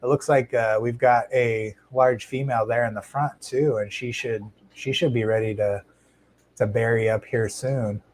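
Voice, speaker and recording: The faint hum of aquarium tanks fills the background as a man chats on a relaxed live stream about his shrimp, speaking through a lapel mic in his home fish room. He talks at a moderate pace in a medium pitch, with lots of fillers and restarts, and the audio quality is poor.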